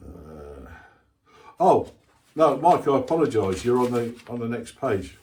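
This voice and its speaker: A man's voice: mid-range voice, very animated, a little slow, a little mellow. An older man hosting his hobby channel, chatting casually and reading out viewer comments in a rambling, self-mocking way with lots of asides.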